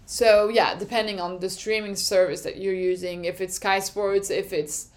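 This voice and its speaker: A woman from France with a French accent, hosting a podcast in a casual, excitable explainer style that often breaks into laughter. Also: medium pitch, normal speed. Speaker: podcast host.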